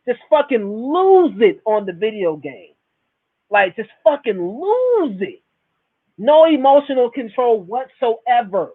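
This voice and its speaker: A man in his thirties talking in a casual monologue, animated and repetitive, full of swearing and rhetorical questions. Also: very high-pitched. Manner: animated, repetitive, profane storytelling. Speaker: podcast host. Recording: tinny phone-like recording.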